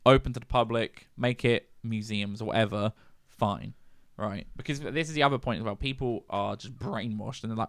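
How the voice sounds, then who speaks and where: A man's voice: on the low side, normal speed, gravelly, few pauses, no echo, clean studio sound. A man co-hosting a podcast in casual chat, opinionated and ranting, laughing often. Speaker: podcast co-host.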